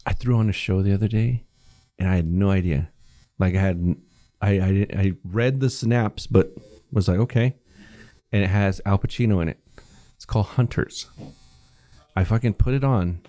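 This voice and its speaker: Dude on a podcast, lowish mellow voice, dry close sound, rambles and swears a lot. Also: male voice, no echo. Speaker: podcast co-host. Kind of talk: casual chat.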